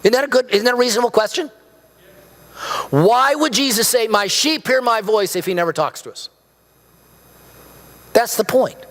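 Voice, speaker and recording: High-voiced male pastor preaching. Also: animated, normal speed, pauses often, a bit bright. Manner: conversational preaching with rhetorical questions and humor. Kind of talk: sermon. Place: church sanctuary. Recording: church hall with long reverb.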